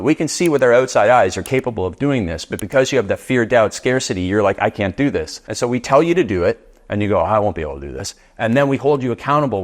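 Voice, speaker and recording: Emphatic middle-aged male business coach. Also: mid-range voice. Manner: emphatic, repetitive rhetorical questions. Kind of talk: motivational talk.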